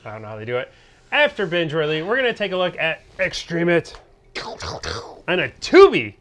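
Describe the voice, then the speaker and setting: A man co-hosting a casual podcast, excitable and quick to laugh, chatting about shows and music. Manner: excitable, laughs often, jumps between high and low pitch. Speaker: podcast co-host. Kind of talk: casual chat.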